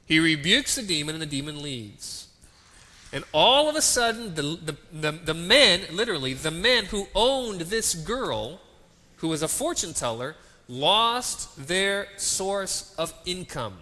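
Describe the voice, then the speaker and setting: A male preacher delivers a sermon with a high, bright voice that swoops and soars through his phrases. He speaks slowly and dramatically, putting rhetorical questions to his listeners. The sound rings with the long reverb of a large hall. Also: big pitch swings.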